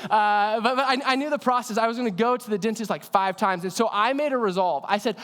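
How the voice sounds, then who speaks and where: A man preaching a sermon as pastor, telling lively stories and asking the audience questions. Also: sits high, fast talker, few pauses. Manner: energetic storytelling with audience questions. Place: church hall. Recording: long hall reverb.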